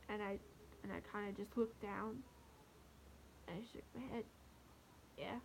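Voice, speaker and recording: Young woman vlogger, gravelly fry, soft and halting, faint hiss behind. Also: medium pitch, poor audio. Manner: soft, halting, with many pauses and fillers. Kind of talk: personal storytelling to camera.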